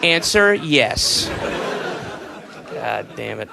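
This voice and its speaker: Over a noisy crowd, a US stand-up comedian rants very slowly yet very animatedly, profane and sarcastic, with mocking whispered asides, in a gravelly mid-range voice. It's a live recording from a comedy club stage, complete with a laughing audience, murmur, and faint noise.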